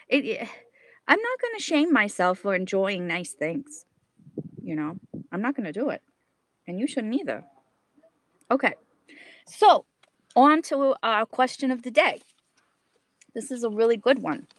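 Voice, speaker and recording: A middle-aged woman chatting theatrically into her camera, her fairly high voice leaping all over the place. She keeps restarting and filling gaps with little hesitations, and the sound is close and dry. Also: big pitch swings, takes it slowly, pauses often, fairly bright tone, no echo. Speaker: self-styled advice host. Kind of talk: casual comedic vlog monologue. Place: outdoor lunch spot in a suburb.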